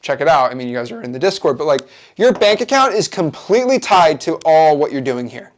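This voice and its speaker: A man teaching as a real estate wholesaling coach, with an energetic, repetitive, hyped-up motivational delivery. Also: fairly high pitch, brisk.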